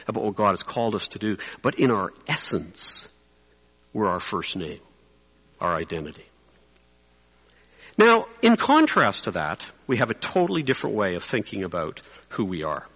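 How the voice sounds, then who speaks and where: A man preaching in a reverberant hall, his voice lively and bright with a husky edge. He moves between animated teaching and a quiet, intense hush, speaking conversationally to fellow clergy. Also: fairly low pitch. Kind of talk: sermon.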